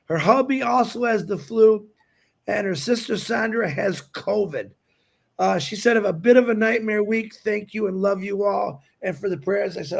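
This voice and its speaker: A man's voice: high-pitched, normal speed, gravelly. An older man hosting a livestream, effusive and repetitive, reading birthdays and prayer requests with frequent fillers. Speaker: livestream host.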